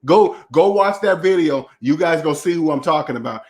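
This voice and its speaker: A man's voice: on the high side, animated, normal speed. A man hosting a livestream, ranting in a preachy, mocking way while reading chat, with a voice still getting over a cold. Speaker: channel host.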